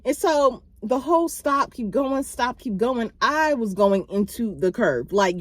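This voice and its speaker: A woman vlogger telling a personal story to camera in a casual, animated way, acting out quoted exchanges. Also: measured pace, few pauses, no echo, studio quality. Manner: animated, acts out quoted exchanges with big pitch jumps; many fillers and restarts, talks to viewers directly.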